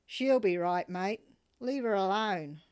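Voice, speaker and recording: A blunt, unsympathetic man brushes things off, as a woman narrator quotes him. Plain, offhand and a little louder. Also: medium pitch, lively intonation, takes it slowly, clear, resonant tone, dry recording, clean studio sound. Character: blunt unsympathetic male companion.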